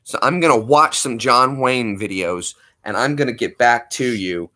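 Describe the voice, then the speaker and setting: A man's voice: medium pitch, normal speed, pushed and bright. A young man, a streamer, chatting casually with viewers and thanking them effusively. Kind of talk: casual livestream chat.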